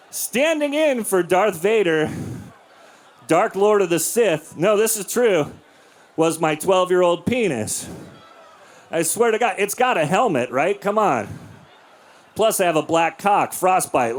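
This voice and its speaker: A man in his forties performing a stand-up comedy set on a club stage, telling crude stories deadpan and bursting into loud acted-out voices. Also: sits high, a little slow, long pauses.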